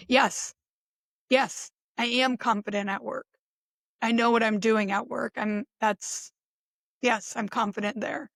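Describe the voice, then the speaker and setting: A woman with a fairly high voice muses aloud in an open, unstructured reflection. She talks casually and often restarts her thoughts. The sound is dry and close. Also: a bit bright, dry recording. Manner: musing, conversational, with frequent restarts and short laughs. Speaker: self-reflection podcaster. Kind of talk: unscripted personal reflection monologue.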